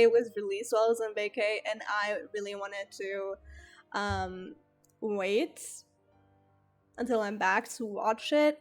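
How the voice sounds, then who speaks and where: A young woman streamer with a slight lisp from a retainer, chatting casually and rambling through a storytime, swearing freely. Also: medium pitch.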